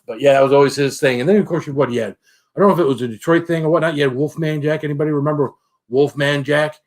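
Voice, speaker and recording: Chatty man hosting a livestream. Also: a little high. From Michigan, USA. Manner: chatty, greets viewers by name. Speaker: livestream host. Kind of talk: casual live-stream chat.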